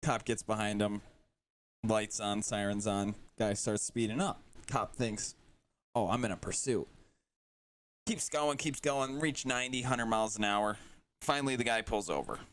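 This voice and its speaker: A man's voice: fairly low pitch, normal speed, a bit bright, clear, resonant tone. A man co-hosting a casual podcast, upbeat and chatty as he steers the talk. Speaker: podcast co-host.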